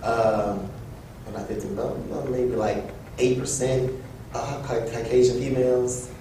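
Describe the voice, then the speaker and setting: Give me an animated young male speaker with a faint low rumble behind him in a roomy hall. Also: unhurried. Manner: animated, acts out quoted voices. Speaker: event speaker. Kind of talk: personal storytelling speech. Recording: echoey room from far off with low rumble.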